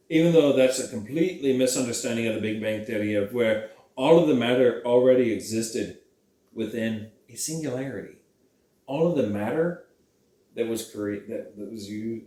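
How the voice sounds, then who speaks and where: A channel host of Scottish heritage chats casually with his girlfriend, rambling, swearing and breaking into mocking impressions. His medium-pitched voice has a darkish tone. He sounds far from the mic in an echoey room.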